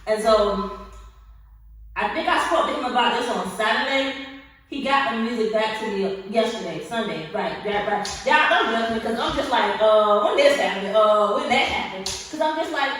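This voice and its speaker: A woman's voice: on the high side, normal speed, a bit bright, recorded from a distance. A young woman chats to her viewers with sassy flair while she stretches, sprinkling in honey and hunty. She sounds tired and short on sleep. The mic sits well away from her in a very echoey room. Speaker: vlogger. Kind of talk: casual chat while stretching.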